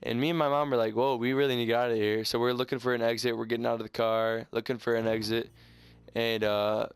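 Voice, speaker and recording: A sixteen-year-old boy, casually telling a story over gameplay in a halting, rambling way full of restarts and stutters. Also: medium pitch, level tone, smooth, no echo. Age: teens. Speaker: gaming YouTuber. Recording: faint gunfire from game audio. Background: video game gunfire.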